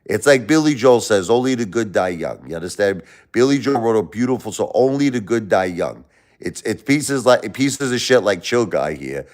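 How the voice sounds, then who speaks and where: Lively-voiced man ranting at his chat. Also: moderate pace. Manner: angry, profane, repetitive, lectures and insults the commenter; jumps between loud outbursts and low muttering. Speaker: livestream host reading chat. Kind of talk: livestream rant at a chat commenter.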